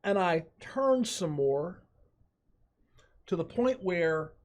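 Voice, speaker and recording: A middle-aged man, a podcast guest, telling a story in animated, dramatic fashion with quoted asides. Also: high-pitched, slow. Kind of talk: casual storytelling.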